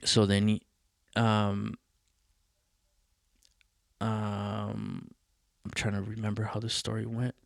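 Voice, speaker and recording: A man's voice: on the low side, takes it slowly, vocal fry, long pauses, no echo, clean studio sound. A man hosting a podcast, telling a personal story in casual, profane chat and acting out what people said. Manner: profane, animated, acts out quoted voices. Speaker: podcast host.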